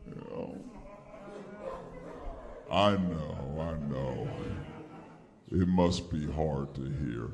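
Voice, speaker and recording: A man doing a stand-up comedy set, telling stories in an animated way and acting out the dialogue in raised voices. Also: low voice, takes it slowly, gravelly, long pauses, a crowd in the background.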